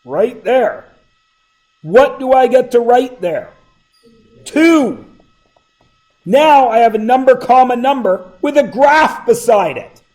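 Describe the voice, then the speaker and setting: A man's voice: very high voice, sing-song, slow, pauses often, a little mellow, low-quality recording. A middle-aged man teaching math to a class, with a sore throat, asking the students question after question. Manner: questioning, prompts students for answers. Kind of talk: classroom lecture.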